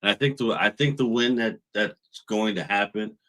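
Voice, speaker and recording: A man co-hosting a casual wrestling review. His voice sits low and his manner is laid-back, with rambling asides and quiet chuckles. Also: normal speed. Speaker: podcast co-host.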